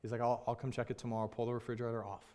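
A man's voice: mid-range voice, monotone, racing, dark tone. A young man, a pastor, telling a personal story in a sermon, earnest and openly emotional in a candid, conversational way.

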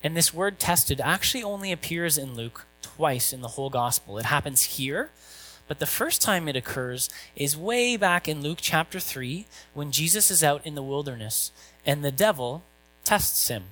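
A man's voice: a little high, lively intonation, moderate pace, bright, forceful tone, soft background music, rough recording. A male pastor giving a conversational sermon, asking rhetorical questions and reading scripture.

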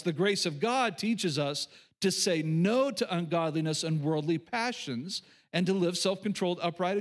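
Male pastor, high voice, emphatic sermon delivery with frequent repeats and restarts.

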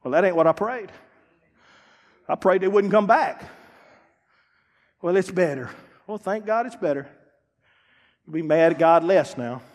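High-pitched pastor preaching loud then quiet, echoing church hall. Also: male voice, expressive, normal speed, pauses often. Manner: preaching that swings from low asides to shouting; acts out church members in quoted voices. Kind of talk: sermon. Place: church sanctuary. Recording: long hall reverb.

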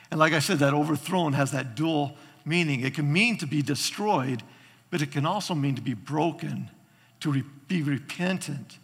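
Animated storytelling pastor in a reverberant hall. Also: male voice, fairly high pitch, unhurried, breathy edge. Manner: animated storytelling, acting out quotes. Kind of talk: sermon.

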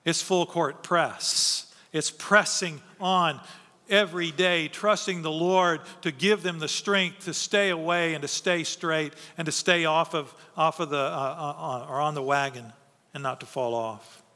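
High, bright-voiced preacher man in a reverberant hall. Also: steady tone, normal speed. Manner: earnest, emphatic preaching with rhetorical questions. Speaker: pastor. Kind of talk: sermon.

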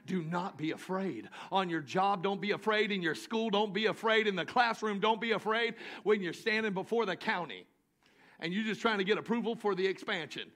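High, bright-voiced shouting Southern preacher. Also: male voice. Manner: builds to shouting, drawn-out emphatic lines. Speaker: pastor. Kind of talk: sermon. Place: church sanctuary.

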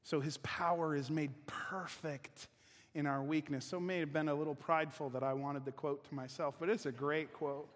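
A man's voice: on the high side, steady tone, normal speed. A man preaching a sermon as pastor, conversational and emphatic, often restarting his sentences. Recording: long reverb of a large hall.

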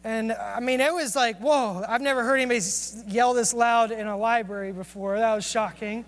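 A man's voice: extremely high pitch, fairly even intonation, normal speed, fairly bright tone. A man preaching a sermon and telling personal stories in an earnest, confessional way. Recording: long hall reverb.

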